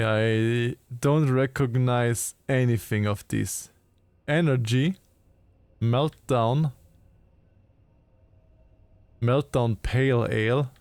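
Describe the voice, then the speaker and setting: A man's voice: medium pitch, creaky, a little mellow, no room sound. A man, playfully chatting with viewers while streaming a game. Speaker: VTuber streamer. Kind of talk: casual live gameplay chat.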